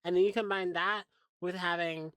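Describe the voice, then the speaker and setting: A woman from the American South with a Southern accent, co-hosting a casual podcast chat, playful and quick to laugh. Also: on the low side, fairly even intonation, fairly bright tone, clear, resonant tone, dry recording. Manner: playful, laughs often, mimics voices. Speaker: podcast co-host.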